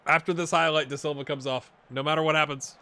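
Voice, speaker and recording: A middle-aged man giving live gameplay commentary on his football management game, swinging from low mutters to excited shouts. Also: quick pace, slight background noise. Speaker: gaming YouTuber.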